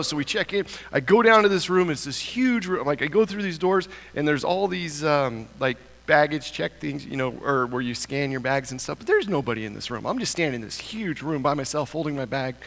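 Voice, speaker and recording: A man giving an animated church talk, telling a self-mocking story and climbing higher in pitch when excited. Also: normal speed, in a large hall. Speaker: church speaker.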